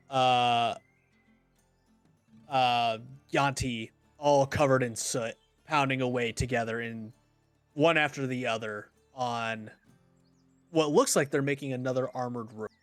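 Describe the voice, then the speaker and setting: Halting male game master narrating a scene. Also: medium pitch, no room sound, soft background music. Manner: halting, many ums and restarts; refuses to do character voices.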